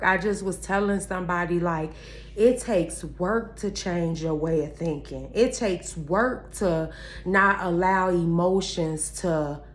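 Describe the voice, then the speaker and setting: A woman talking candidly to her viewers about faith and positivity, emphatic and repeating her phrases like a preacher. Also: medium pitch. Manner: candid, addresses viewers directly as y'all. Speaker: vlogger. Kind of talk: heartfelt faith-based motivational talk.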